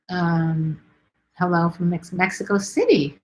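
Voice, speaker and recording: A middle-aged woman from Chicago answers viewer questions on a casual livestream. Her voice sits a little low, and she talks bluntly with lots of fillers. She is losing her voice and sounds hoarse. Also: fairly even intonation, moderate pace, fairly bright tone, rough recording. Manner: chatty and blunt, with many fillers.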